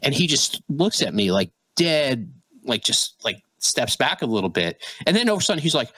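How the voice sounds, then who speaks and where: A middle-aged man with a mid-range voice recounts a personal run-in as a podcast co-host. He is animated and loose, leaning on lots of "you know" and "like". The sound is dry and close, with no room tone. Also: mid-range voice, moderate pace, husky, dry recording, rough recording. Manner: animated anecdote telling, heavy fillers. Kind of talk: casual conversation, storytelling.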